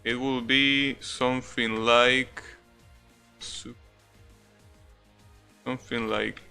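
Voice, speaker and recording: Slow, rambling young male streamer over music. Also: medium pitch, fairly even intonation, creaky, pushed and bright, smooth. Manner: rambling, self-correcting, swears casually, laughs at own jokes. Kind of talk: casual live-stream chat with viewers.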